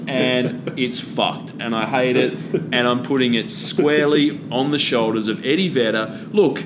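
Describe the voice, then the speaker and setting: A man chats in a blunt, opinionated way and swears freely. His voice sits at a middle pitch. A faint hiss runs under the recording. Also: unhurried. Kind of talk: casual chat.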